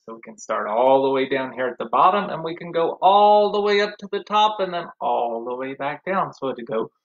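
A man's voice: mid-range voice, animated, normal speed, muffled recording. A man teaching an online music class to young children, talking cheerfully and singing along with a ukulele.

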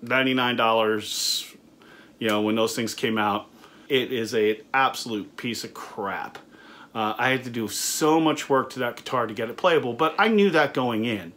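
A middle-aged man, a studio owner, talks through a budget guitar review in an easygoing, conversational way. His pitch sits in the ordinary middle range for a man. He often restarts his sentences and fills pauses with "uh.". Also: a bit bright. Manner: conversational, frequent fillers and restarts. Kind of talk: casual product review talk.

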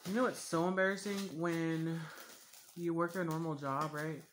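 A woman's voice: low voice, normal speed, slight background noise. A woman YouTuber chatting casually while eating on camera, rambling and swearing freely with lots of fillers. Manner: rambling and profane, with frequent fillers.

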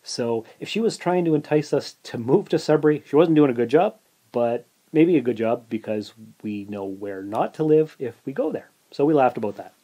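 A man's voice: medium pitch, animated, moderate pace, warm tone. A man hosting his own podcast, casually telling a rambling story full of asides and filler words. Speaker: podcast host.

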